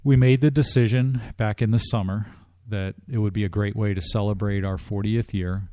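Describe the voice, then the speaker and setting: A man as a guest on a radio interview, explaining things in a measured way with frequent restarts. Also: fairly low pitch, steady tone, a little mellow, dry recording, clean studio sound. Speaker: drum corps staff guest.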